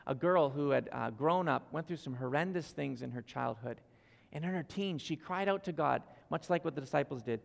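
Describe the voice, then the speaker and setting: A man preaching a sermon as pastor, earnest and speaking straight to his congregation, swinging between loud emphasis and soft asides. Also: fairly high pitch, normal speed, creaky. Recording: long hall reverb.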